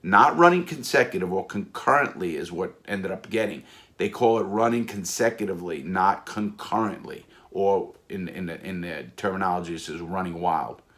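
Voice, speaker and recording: A man with a fairly low voice tells a personal story in casual monologue. He talks emphatically, repeating phrases and restarting mid-sentence as he drives each point home. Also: normal speed, a bit bright. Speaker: storyteller recounting his prison case.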